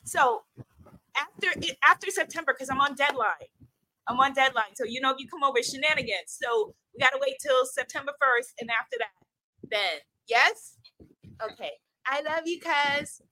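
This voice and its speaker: Bright high-voiced woman hosting a livestream. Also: normal speed, rough recording. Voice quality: animated, laughing, emotional. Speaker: livestream host. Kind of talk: playful live stream chat.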